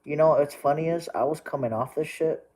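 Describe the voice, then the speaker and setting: A man's voice: fairly high pitch, fairly quick, darkish tone, slight background noise, low-quality recording. A young man from Texas, a storm chaser vlogging, rambling emotionally and crying as he repeats himself. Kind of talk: emotional vlog rant.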